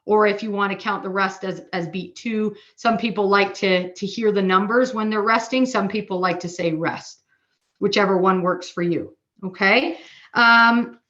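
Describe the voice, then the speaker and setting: A woman giving a bass drum seminar. She explains patiently, counts rhythms aloud and checks in with "okay?". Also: moderate pace, fairly bright tone, highs cut off.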